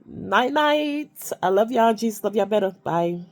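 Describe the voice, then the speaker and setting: A woman's voice: medium pitch, animated, unhurried. An older woman with a cold, chatting casually to her viewers from her bed at home in a folksy way. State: stuffy with a cold. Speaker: vlogger.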